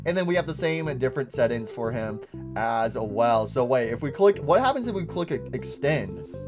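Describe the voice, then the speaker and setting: A young man giving excitable, casual commentary on a game and saying "bro" a lot. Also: mid-range voice, moderate pace, soft background music. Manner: excitable, says "bro" often. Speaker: gaming YouTuber.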